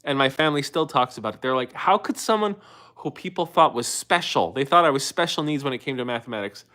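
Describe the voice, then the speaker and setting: Man streaming live, bright tone, rambling casual chat, thirties. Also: medium pitch, lively intonation, fast talker. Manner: talkative, rambling with restarts. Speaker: livestream host.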